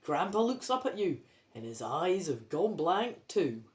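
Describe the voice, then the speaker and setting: Reading a children's adventure book aloud, a Scottish-accented woman keeps up a rambling, chatty commentary with sweary asides. Her fairly low, darkish voice is very animated, and she goes a little slow. It's a casual read-aloud with asides.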